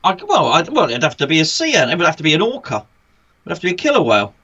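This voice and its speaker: Playful male co-host with a bright, forceful voice. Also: on the high side, huge pitch swings, very fast, breathy edge, lo-fi sound. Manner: jokey, playful, laughs often. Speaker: podcast co-host. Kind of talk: casual chat.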